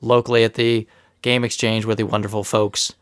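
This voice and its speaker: A man co-hosting a casual podcast, telling stories with lively bursts of rising pitch. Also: moderate pace. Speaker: podcast co-host.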